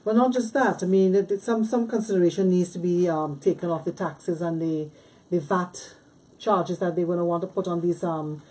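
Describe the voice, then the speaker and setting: A woman hosting a political talk show, speaking in a measured, hesitant way. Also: lowish voice, a little mellow, rough recording. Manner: measured, hesitant, with fillers and restarts. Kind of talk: casual political discussion.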